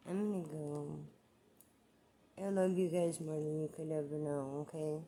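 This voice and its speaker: A woman's voice: low-pitched, flat delivery, a little slow, mellow. A woman vlogging about her own life in a rambling, emotional monologue, repeating herself as she gets frustrated. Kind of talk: emotional personal vlog monologue.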